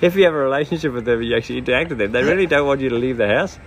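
A man in his thirties co-hosting a podcast in relaxed, rambling casual chat. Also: medium pitch, racing, slight background noise. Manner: laid-back, rambling, with quoted asides. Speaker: podcast co-host.

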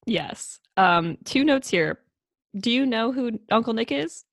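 A woman's voice: fairly high pitch, animated, measured pace, vocal fry, no room sound, clean studio sound. A woman in casual podcast chat, giggly and full of fillers, recounting a film's plot. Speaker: podcast co-host. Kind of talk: casual movie recap chat.

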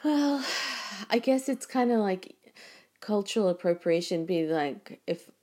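A woman's voice: medium pitch, lively intonation, unhurried, dark tone. A woman talking casually and reflectively, rambling with many restarts. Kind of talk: casual conversation.

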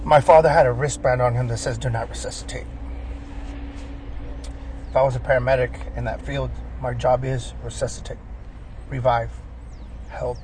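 A man's voice: medium pitch, steady tone, normal speed, long pauses, a little mellow. Casual middle-aged guy telling a story, stumbles and repeats himself, cusses a lot, a bit of noise in the background. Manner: swears often, repeats words, says bro. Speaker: podcast guest telling a personal story.

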